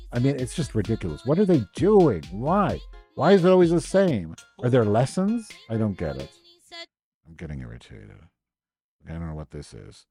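A man's voice: lowish voice, dark tone. Exasperated profane man ranting on stream. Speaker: podcast host. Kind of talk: ranting live stream commentary.

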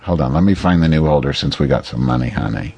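A man's voice: rumbling low, quick pace, vocal fry, a little mellow, slightly rough, dry recording, lo-fi sound. A man co-hosting a comedy podcast, bossy, impatient and teasing in crude bickering banter. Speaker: podcast co-host.

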